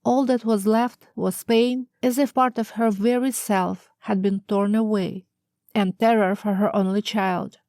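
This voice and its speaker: A woman author reading her own memoir as an audiobook, slow, intimate and emotional. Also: medium pitch, a little mellow, no room sound, clean studio sound. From Russia. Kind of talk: audiobook narration.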